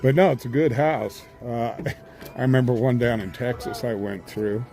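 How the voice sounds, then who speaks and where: A man's voice: mid-range voice, steady tone, moderate pace, dark tone, faint music behind. A man streaming live outdoors, chatting casually and rambling with lots of uh's and restarts. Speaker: independent scanner-chasing reporter. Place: outdoors at a haunted house attraction. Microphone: handheld phone camera.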